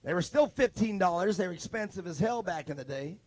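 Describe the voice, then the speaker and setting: A man's voice: high-pitched, lively intonation, fairly quick, darkish tone, no echo. A man from California announcing a live off-road race, joking and rambling in loose banter. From Modesto, California.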